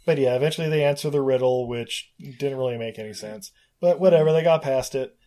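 A man's voice: mid-range voice, fairly quick, warm tone. A man co-hosting a casual podcast, rambling and swearing as he recaps a film plot, often breaking into laughter.

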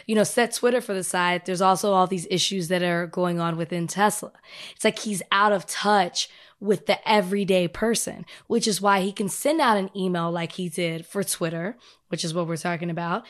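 A woman co-hosting a podcast, still recovering from illness and sounding sick, offering measured commentary in casual chat. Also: mid-range voice. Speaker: podcast co-host.

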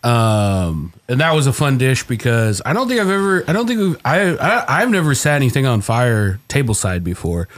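A man's voice: medium pitch, wildly swooping pitch, moderate pace, hardly any pauses. A man hosting a podcast, explaining the dishes he cooked in an easygoing, rambling way. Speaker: podcast host and cook. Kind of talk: relaxed podcast chat.

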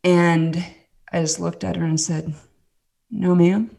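A woman's voice: fairly low pitch, little pitch movement, measured pace, creaky, darkish tone. A woman from the American South with a Southern accent, sharing a personal faith story in earnest, chatty conversation and acting out the quotes. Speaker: podcast host and guest storyteller.

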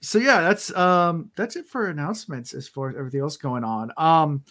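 A man's voice: on the high side, moderate pace, pushed and bright. A man hosting a casual podcast, tired, telling rambling stories full of fillers. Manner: rambling storyteller, many fillers. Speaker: podcast host. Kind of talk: casual chat.

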